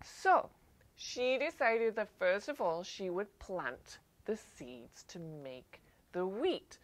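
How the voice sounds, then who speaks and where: A woman leading a library storytime for young children, gently explaining things step by step. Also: mid-range voice, animated, slow pace.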